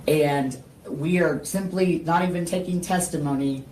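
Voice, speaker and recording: A woman attorney arguing in a courtroom, insistent and shouting in distress. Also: low-pitched, measured pace. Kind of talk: courtroom argument. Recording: echoey courtroom from far off, loud crowd noise.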